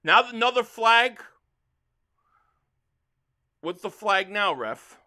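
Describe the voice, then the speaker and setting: Taking it slowly, a man with a high, sharp voice and lively intonation hosts a football reaction livestream. He's from the Philadelphia area and fills the stream with frustrated, rambling fan talk and read-aloud super chats.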